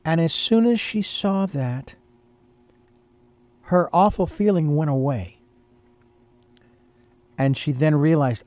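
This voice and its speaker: This is a male host who talks in a measured, reflective way and often pauses to hesitate between thoughts. His voice is somewhat high for a man, with a mellow, warm tone, and it sounds dry and close. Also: no echo. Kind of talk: interview conversation.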